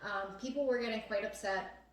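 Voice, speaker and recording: A woman's voice: medium pitch, fairly quick. A young adult woman hosting a casual chat, talking earnestly with many fillers. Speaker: host. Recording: echoey room, mic at a distance.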